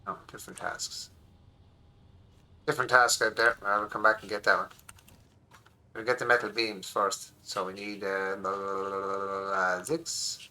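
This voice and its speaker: An Irish man in his forties, a streamer rambling excitedly through casual commentary while he plays a game at his home desk. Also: on the low side, measured pace, pauses often, poor audio. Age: 40s.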